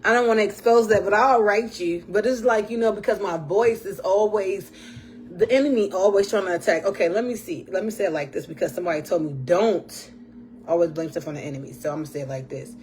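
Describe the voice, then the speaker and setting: A woman hosting her own podcast alone, chatting casually about faith in a rambling way, often clearing her throat and with a voice that often sounds strained. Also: mid-range voice, quick pace, a little mellow. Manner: churchy phrases, talks to absent guest. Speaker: podcast host.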